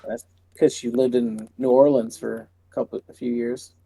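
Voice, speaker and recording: Man, podcast co-host, dark mellow tone, husky, relaxed storyteller. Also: medium pitch, normal speed. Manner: relaxed storytelling, laughs easily. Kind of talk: casual chat.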